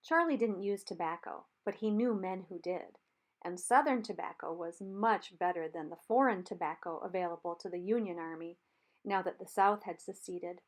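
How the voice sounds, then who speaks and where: A woman reading a novel chapter aloud as an audiobook narrator, with steady, measured storytelling. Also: on the low side.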